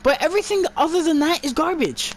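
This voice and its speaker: A woman's voice: sits high, lively intonation, quick pace, slight background noise. A woman giving an exasperated, profane movie review, stumbling and restarting her words as she rants.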